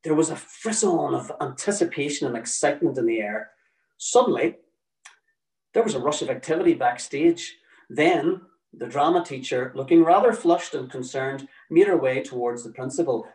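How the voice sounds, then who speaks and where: A man tells a personal story in a dry, wry manner. His voice sits at a middle pitch and sounds a little distant from the microphone. There is a roomy echo around him. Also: normal speed, a little mellow. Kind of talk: told personal story, read aloud.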